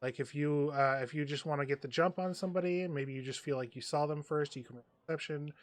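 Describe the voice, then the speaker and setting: A man's voice: on the high side, quick pace, no echo. A man running a tabletop role-playing game as game master, talking loosely with lots of fillers. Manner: rambling with many fillers.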